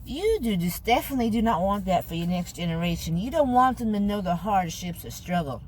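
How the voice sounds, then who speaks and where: A woman's voice: medium pitch, expressive, fairly quick, darkish tone, slight background noise. An older woman with a Californian accent talking earnestly to camera in a vlog, slangy and emphatic, getting choked up. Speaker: food vlogger. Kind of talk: casual heartfelt talk to camera.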